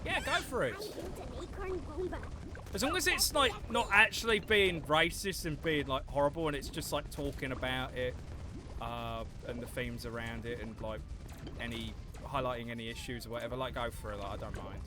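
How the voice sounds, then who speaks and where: A young man livestreams a game and chats casually with viewers, rambling, swearing freely, and reading chat messages aloud. His voice is medium-pitched and fairly quick, with a noisy background.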